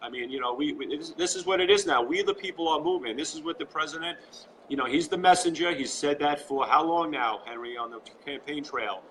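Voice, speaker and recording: A man's voice: on the high side, brisk, a bit bright, a little hiss or hum, rough recording. A man from New York with a New York accent, a guest talking fervently at home and peppering his talk with "you know". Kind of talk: casual interview chat.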